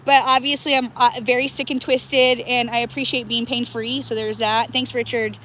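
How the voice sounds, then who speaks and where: Bright high-voiced woman in cold river. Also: level tone, normal speed, a little hiss or hum. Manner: laughs often, chats to viewers by name. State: shivering with cold. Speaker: livestream host. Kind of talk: casual livestream chat.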